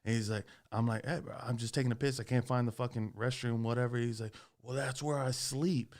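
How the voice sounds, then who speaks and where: A man casually telling a long, profane story on a podcast, animated and swearing often. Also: mid-range voice, quick pace.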